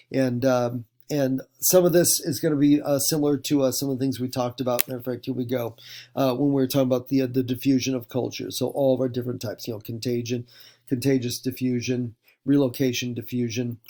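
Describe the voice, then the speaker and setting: A middle-aged male teacher from the Pacific Northwest gives a recorded lecture. His voice sits at an ordinary pitch with a gravelly edge. He rambles, often restarts his sentences and fills pauses with "uh" and "you know.". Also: dark tone. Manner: rambling, many fillers and restarts.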